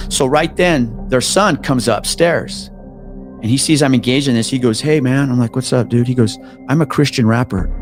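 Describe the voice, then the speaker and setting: Male podcast guest, mid-pitch storyteller, animated, acts out quotes, faint music bed. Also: moderate pace. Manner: animated, acts out quoted people, drops to hushed tones.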